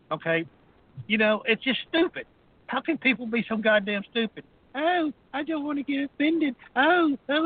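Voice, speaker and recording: Brief: fifties man, profane combative ranter, high voice, tinny phone-line sound. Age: 50s. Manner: crude, combative, repeats "okay". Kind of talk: profane ranting talk radio.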